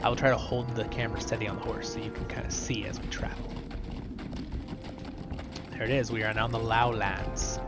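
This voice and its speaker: A man's voice: fairly low pitch, flat delivery, brisk, pauses often. A Scottish man hosting a casual let's-play, talking off the cuff and chattily over game music. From Scotland. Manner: chatty, off-the-cuff, self-deprecating. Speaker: host.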